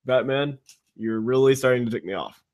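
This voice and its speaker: An earnest male superhero booms out his lines in a voice pushed well below its natural register, as a woman puts him on. Her throat sounds tired and strained. It is pure comic podcast play. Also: normal speed, darkish tone. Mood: heroic. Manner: booming heroic lines. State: strained, worn-out voice. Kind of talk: comedic podcast sketch.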